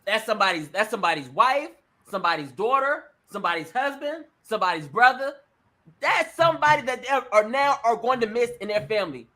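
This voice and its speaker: In a high, expressive voice at a fairly quick clip, a man hosting a talk show delivers strong opinion commentary, acting out little scenes and greeting his listeners as ladies and gentlemen.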